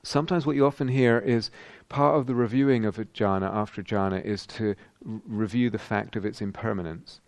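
Soft-spoken British man with gravelly lows. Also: fairly even intonation, no echo. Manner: gentle, reflective, many pauses and restarts. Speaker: meditation teacher. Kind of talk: dharma talk. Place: retreat meditation hall.

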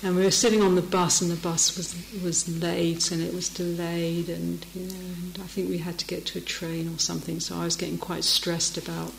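A woman's voice: lowish voice, level tone, fairly quick, gravelly, few pauses, a little hiss or hum. A middle-aged woman, giving a dharma talk as a meditation teacher, telling stories and laughing often. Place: meditation hall. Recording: echoey meditation hall.

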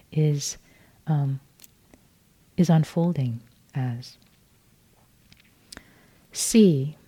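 A woman meditation teacher giving a dharma talk at a retreat, speaking gently and unhurriedly, repeating words softly and often restarting phrases. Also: lowish voice.

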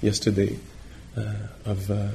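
A male meditation teacher giving a dharma talk on retreat, gentle and reflective, pausing often as he searches for words. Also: on the low side, completely flat delivery, vocal fry. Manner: halting, searching for words with many pauses.

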